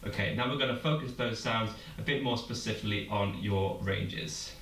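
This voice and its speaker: A man teaching singers a vocal warm-up, guiding them step by step with encouraging explanations. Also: fairly low pitch, moderate pace. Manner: clear, encouraging step-by-step coaching with demonstrated sounds. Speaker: singing teacher. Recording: roomy echo, a little far from the mic, faint noise.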